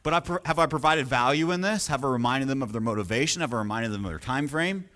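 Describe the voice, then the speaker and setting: A man giving a sales training talk as a real estate coach, energetic and emphatic, often asking the audience questions. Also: medium pitch, fast talker.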